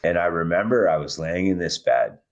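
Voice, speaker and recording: A man's voice: expressive, a little fast, highs cut off. A man telling his own survival story in a raw, intense way, his voice rising and dropping with emotion. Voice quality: very deep husky voice. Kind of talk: emotional first-person storytelling.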